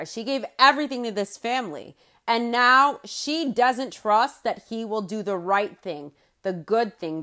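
A woman hosting a podcast, giving opinionated, indignant reality-show recap commentary with big swings in loudness and pace. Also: mid-range voice. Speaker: podcast host.

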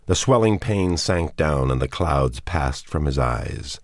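A man narrating a novel in a slow, steady, somber reading. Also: very deep voice, creaky, dry recording, clean studio sound. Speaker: audiobook narrator. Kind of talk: scripted narration.

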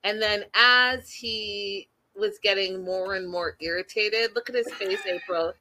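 A woman hosting a casual recap chat over a video call, animated and talking straight to her co-host. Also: medium pitch, a little slow. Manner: animated, acts out quotes, addresses co-host by name. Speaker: podcast host.

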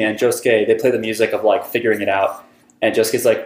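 A man's voice: medium pitch, moderate pace. A man in his thirties, a podcast host, recapping an anime episode in casual chat and acting out the characters' lines. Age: 30s. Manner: animated storytelling, acts out characters' lines. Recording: echoey room.

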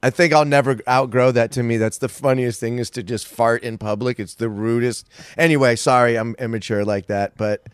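A man in his forties from San Francisco sits as a guest on a podcast. He tells his stories in a brash, profane and self-mocking way, at a middling pitch. The sound is close and dry, with no room around it. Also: fairly even intonation, a little fast, clear, resonant tone, no room sound. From San Francisco, United States. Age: 40s. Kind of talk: casual storytelling chat.

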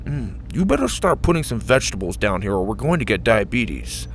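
A man's voice: fairly low pitch, very animated, fairly quick, a little hiss or hum. A man voicing a skeptical, teasing boy in a storybook reading, with a dry, sarcastic delivery.

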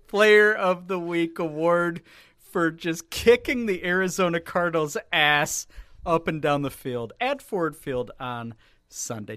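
A man co-hosting a casual sports podcast, wry and deadpan with bursts of laughter. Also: high voice, clean tone, no echo, studio quality. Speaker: podcast co-host.

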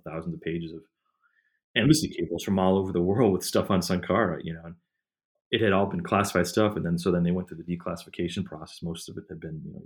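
A man answering interview questions as a historian guest, rambling through stories with many fillers and restarts. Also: deep voice.

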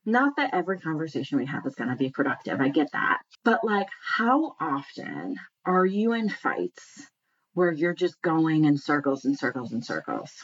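A woman's voice: sits low, very animated, normal speed, breathy edge, lo-fi sound. A woman talking casually and earnestly about communication, asking many rhetorical questions. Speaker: speaker on communication. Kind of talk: casual monologue.

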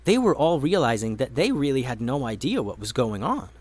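A male storyteller reading a children's adventure tale with expressive, animated delivery. His pitch rises and falls freely around a middle register. The recording is close and dry, with no room sound. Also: a little fast, no echo.

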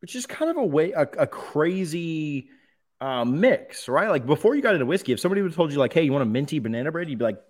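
A man's voice: fairly high pitch, big pitch swings, fast talker. A man hosting a casual whiskey podcast, upbeat and playful as he steers the talk. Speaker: podcast host. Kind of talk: casual chat, whiskey tasting.

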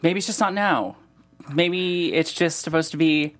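A woman with a very low voice hosts a relaxed, casual chat. She chimes in often with quick reactions and jokes.

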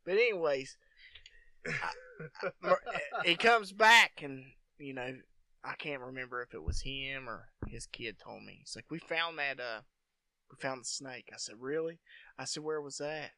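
Man, podcast host, casual profane storytelling, bright and dry close sound. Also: mid-range voice, unhurried, dry recording.

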